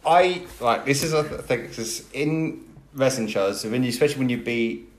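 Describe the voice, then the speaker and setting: A man's voice: medium pitch, normal speed. A man co-hosting a podcast, rambling and swearing with laughs in casual banter. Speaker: podcast co-host, sound and light technician. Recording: echoey room.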